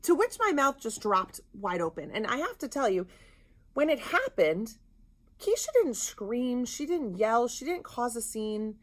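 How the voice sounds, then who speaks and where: A woman co-hosting a podcast, telling a story in casual chat, animated and indignant. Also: fairly high pitch, unhurried. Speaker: podcast co-host.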